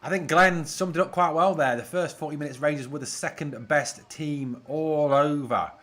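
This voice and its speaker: His voice on the high side and his pace moderate, a man leads a fan watch-along stream with casual live commentary. He reads viewer comments aloud and gets worked up whenever his team attacks.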